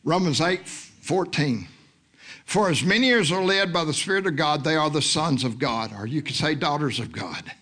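A man preaching a sermon as guest minister, moving from quiet scripture teaching to loud shouted preaching. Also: a little high, expressive, normal speed. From Oklahoma. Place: church sanctuary.

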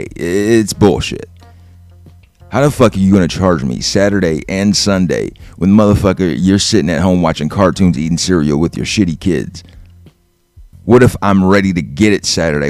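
Deep-voiced guy ranting hot and sarcastic, lots of swearing, faint guitar music behind. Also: a little mellow, no echo. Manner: profane, sarcastic, heated. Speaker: podcast host. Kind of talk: ranting monologue.

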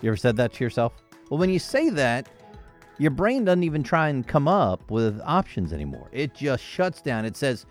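A man's voice: medium pitch, moderate pace, faint music behind. A man hosting a podcast solo, talking in a playful, joking, motivational way. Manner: playful, jokey, animated. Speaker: podcast host. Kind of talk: casual solo podcast monologue.

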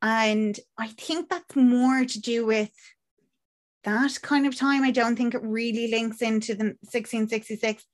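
Woman, Irish accent, casual chat, rambling, fairly high pitch. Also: steady tone, a little slow. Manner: chatty, rambling, with many fillers and acted-out quotes. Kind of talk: casual chat recapping a film.

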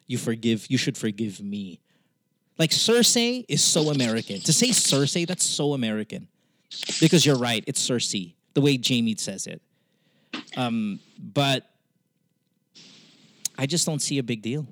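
A man with a Filipino accent hosting a podcast in casual chat, animated and swearing freely, slipping into Tagalog. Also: mid-range voice, measured pace, long pauses, slight background noise. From Philippines. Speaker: podcast host.

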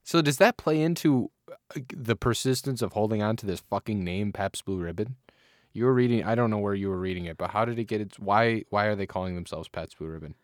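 A man co-hosting a casual comedic podcast, throwing in quick teasing jokes. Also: lowish voice, no echo, studio quality. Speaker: podcast co-host.

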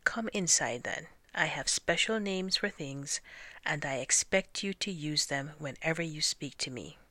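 A woman's voice: deep voice, expressive, measured pace, sharp tone, no room sound, heavily acted. A woman reading a storybook aloud and voicing a pompous, fussy male lord who insists on his own words for things.

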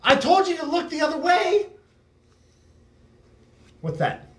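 Podcast co-host, male, profane and animated, echoey room sound. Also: extremely high pitch, slow pace, a little hiss or hum. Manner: loud, profane, laughing, mimics people. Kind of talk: crude casual chat.

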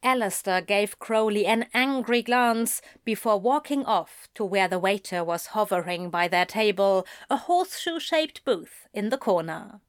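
A woman narrating a story in a slow, measured storytelling voice. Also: medium pitch, lively intonation, dry recording, clean studio sound. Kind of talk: fan fiction audiobook reading.

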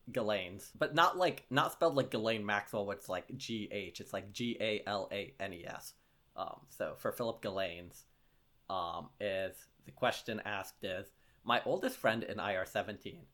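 Low-voiced young man joking on a podcast. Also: a bit bright. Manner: joking, self-deprecating, halting with fillers. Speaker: podcast co-host. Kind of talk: casual podcast chat.

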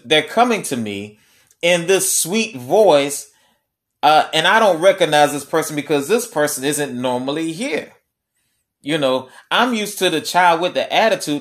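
A man preaching a sermon in a conversational way, repeating key lines slowly for emphasis. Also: a little high, a bit bright.

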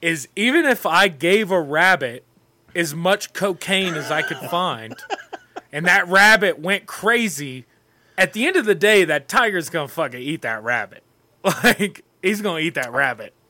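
A young man co-hosting a casual chat, ranting in an animated, heavily profane way. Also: high-pitched, measured pace. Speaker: podcast co-host.

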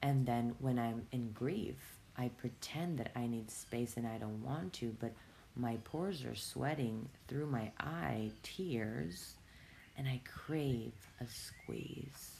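A woman speaking in a slow, musing monologue, dropping into soft whispered phrases at times. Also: very deep voice, vocal fry, a little hiss or hum. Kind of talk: reflective monologue.

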